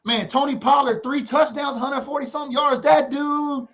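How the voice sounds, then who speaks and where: Male sports podcast co-host, high voice, playful trash talk, lo-fi sound. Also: steady tone, moderate pace, fairly bright tone. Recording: dull lo-fi audio.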